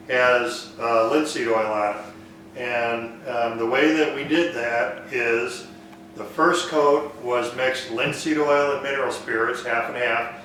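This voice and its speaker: Man in an echoey shop, bright voice. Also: mid-range voice, far from the mic, a little hiss or hum. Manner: relaxed, thinks aloud with fillers. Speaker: woodworking live stream host. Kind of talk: casual live Q&A, reading viewer comments. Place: woodworking shop.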